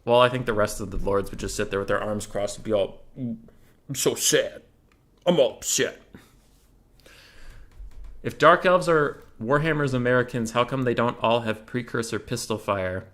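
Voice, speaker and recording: Bright-voiced man joking through Q&A. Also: medium pitch. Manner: joking, offhand, quick replies. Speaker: host reading community questions. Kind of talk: casual gaming Q&A chat.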